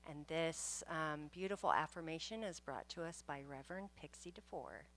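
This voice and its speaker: Bright-voiced woman leading a calm blessing. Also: normal speed, dry recording. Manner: calm, soothing, invites deep breaths. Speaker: service leader giving the blessing. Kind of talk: guided prayer and affirmation. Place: spiritual center service room.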